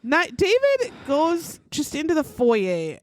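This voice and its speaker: Female podcast host, true crime storyteller, animated and profane, dry close-miked sound. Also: high voice, takes it slowly, no echo. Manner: animated, acts out quotes, swears freely.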